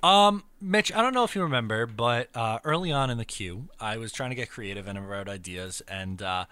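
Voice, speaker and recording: Animated bright-voiced man hosting a podcast. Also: medium pitch, normal speed, clean tone, dry recording. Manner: lively, wry, enthusiastic sports fan. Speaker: podcast host. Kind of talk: casual podcast chat. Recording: dry close mic.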